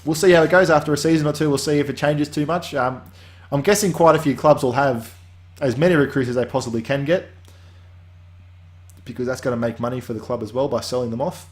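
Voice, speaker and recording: A man's voice: mid-range voice, fairly even intonation, fast. Rambling casual male game developer. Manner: rambling, tangential, many restarts. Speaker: game developer hosting a weekly update.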